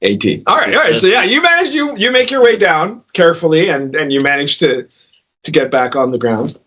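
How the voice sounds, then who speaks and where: A man's voice: fairly high pitch, sing-song, brisk, sharp tone, low-quality recording. A man running a tabletop game as game master, chatty and often laughing. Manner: laughing often, restarts sentences.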